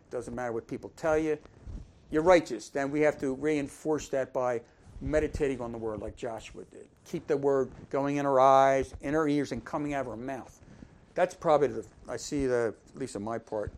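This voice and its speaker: A man preaching an informal sermon, conversational and folksy, asking the congregation questions and swinging between emphatic lines and quiet asides. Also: medium pitch, fairly quick.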